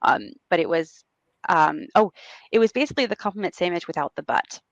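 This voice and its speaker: A woman speaking as a business executive guest on a podcast, answering in a reflective, measured way with frequent ums. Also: on the low side, expressive, no room sound, lo-fi sound.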